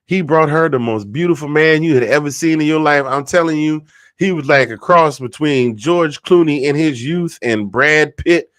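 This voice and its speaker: A man on a football roundtable show telling a long comedic story, animated and rambling, repeating himself for effect. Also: fairly high pitch, moderate pace, no room sound. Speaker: regular segment host telling a joke.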